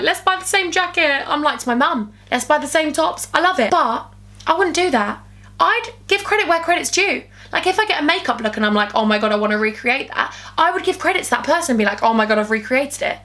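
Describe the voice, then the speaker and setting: A young woman in her twenties with a sore throat, telling a gossipy storytime vlog from her bedroom and jumping into squeals when she quotes people. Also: brisk. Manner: animated, gossipy, jumps to high squeals when quoting. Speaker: vlogger.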